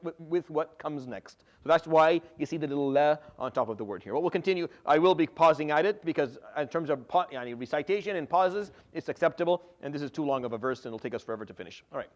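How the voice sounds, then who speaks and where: Fast-talking animated man teaching scripture. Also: fairly high pitch. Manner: animated, repeats and restarts words, drops Arabic terms. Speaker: Quran teacher giving tafsir. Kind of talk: religious lesson.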